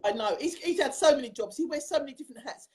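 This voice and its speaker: A woman's voice: high voice, lively intonation, fast talker, darkish tone. Chatty South London woman host. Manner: chatty, laughing, teasing. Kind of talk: casual chat on a video call. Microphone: video call.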